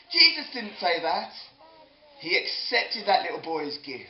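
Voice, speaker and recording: Animated man telling a children's story. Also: high voice, fairly quick. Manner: animated, playful, involves the audience. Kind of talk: lively Bible story for children. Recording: echoey hall, dull lo-fi sound.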